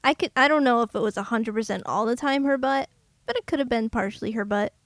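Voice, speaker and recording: A woman co-hosting a podcast, joking and chiming in with quick agreement in casual movie review chat. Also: a little high, dry recording, clean studio sound. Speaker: podcast co-host.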